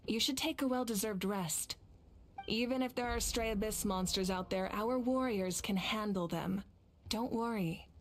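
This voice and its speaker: An actress playing a calm, steady woman leader in a game, speaking in a composed, reassuring way. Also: mid-range voice, normal speed, slight background noise, close to an everyday voice. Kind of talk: game voice acting. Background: game music.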